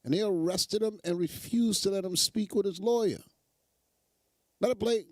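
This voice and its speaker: A man's voice: sits high, normal speed, no echo. A man hosting a show, giving sarcastic, emphatic commentary on news clips and repeating phrases for effect. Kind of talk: mocking live commentary.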